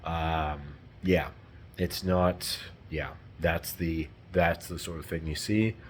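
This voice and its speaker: Deep-voiced man ranting in a casual vlog. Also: steady tone, slow, slight background noise. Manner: rambling, emphatic, heavy swearing. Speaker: vlogger. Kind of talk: casual monologue to camera.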